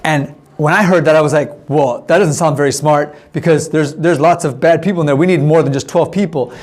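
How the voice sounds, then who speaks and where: A man's voice: fairly high pitch, fairly even intonation, fairly quick, a little mellow, pitched below the performer's own voice, close to an everyday voice. A man voicing a bitter, complaining male Israelite spy in a children's church story, speaking straight to the kids. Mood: upset.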